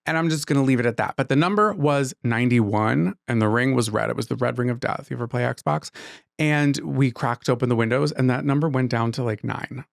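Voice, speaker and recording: A man's voice: medium pitch, brisk, gravelly, no echo, studio quality. A young man co-hosting a casual podcast, announcing award categories in a playful, teasing way. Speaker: podcast co-host. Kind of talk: casual chat, handing out awards.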